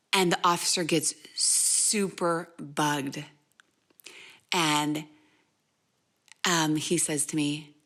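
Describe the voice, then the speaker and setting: A woman in her thirties or forties, a mentor and essential oil seller, telling a personal anecdote in a lively, animated way and acting out the quoted lines. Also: lowish voice. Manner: lively, acts out each quote, quick asides.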